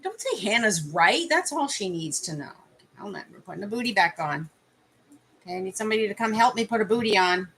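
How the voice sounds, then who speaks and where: A woman's voice: medium pitch, very animated, brisk, fairly bright tone, husky. A Canadian woman casually chatting with viewers on a livestream at home, laughing and fussing over her dog. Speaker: livestream host.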